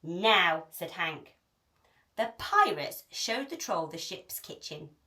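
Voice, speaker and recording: Slow, lively woman reading a picture book. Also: fairly low pitch. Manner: expressive storytelling. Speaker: teacher.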